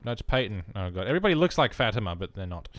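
A man's voice: fairly low pitch, very animated, very fast, a bit bright, no echo. A young man giving casual, self-mocking let's-play commentary, chatting to the game as he plays. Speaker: gaming video host.

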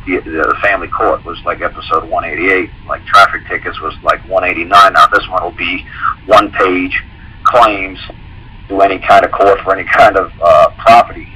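A man's voice: sits low, bright, forceful tone, slight background noise, low-quality recording. A man, a guest on a call-in show, explaining at length in a rambling, repetitive way and acting out anecdotes in quoted dialogue. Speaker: guest speaker.

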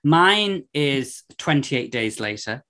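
A man's voice: mid-range voice, takes it slowly. Chatty man hosting a podcast. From north of England. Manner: rambling, animated storytelling. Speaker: podcast host. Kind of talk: casual chat.

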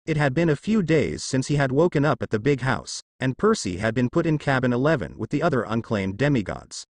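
A man narrating a fan story in a lively, expressive reading voice on a close mic. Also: mid-range voice, fairly quick, dry recording. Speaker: fanfiction reader.

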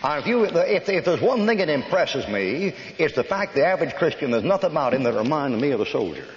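An older American preacher telling blunt, folksy army stories in a sermon, scolding and emphatic. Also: male voice, on the high side, very animated, a little fast. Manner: folksy storytelling with rough army anecdotes. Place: church hall. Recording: echoey hall, dull old recording.

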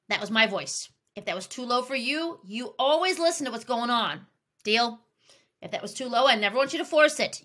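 A woman singing teacher giving an upbeat, encouraging vocal lesson with sung warm-up exercises over piano. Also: on the high side. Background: piano accompaniment.

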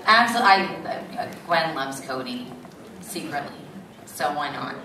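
A woman's voice: low voice, animated, a little slow. A woman, a voice actress on a panel, answering a fan question in a coy, teasing way. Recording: echoey hall from far off, noisy.

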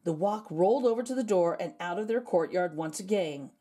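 A woman reading a children's picture book aloud, expressive with gentle asides. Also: lowish voice, brisk, husky.

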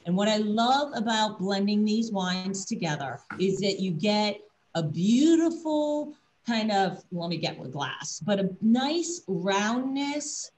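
A woman's voice: medium pitch, expressive, slow pace, darkish tone, slight background noise, rough recording. Enthusiastic woman presenting a wine tasting. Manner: enthusiastic, explanatory. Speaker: winery representative. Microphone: video call.

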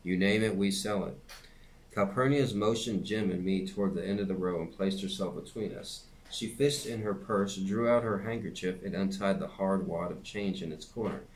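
Man reading a novel aloud, low voice. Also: moderate pace, hardly any pauses, a little hiss or hum. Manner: steady reading with occasional slips and restarts. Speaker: reader and teacher.

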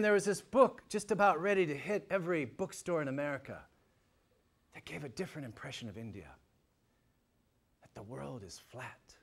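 A man giving a public lecture to a live audience, animated and emphatic, swinging from loud points to hushed asides. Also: on the high side, vocal fry, husky. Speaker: guest lecturer.

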